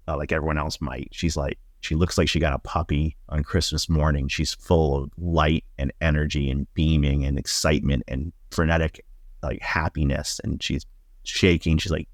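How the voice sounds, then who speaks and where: A middle-aged man, a podcast guest, telling a personal story in a reflective, halting way with many fillers. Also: extremely low pitch, fairly even intonation, no room sound, clean studio sound.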